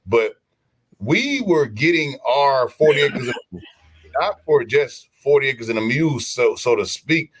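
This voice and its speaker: Animated man telling stories on a stream. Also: mid-range voice, a little slow. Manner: animated, preachy storytelling with many restarts. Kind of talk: casual chat.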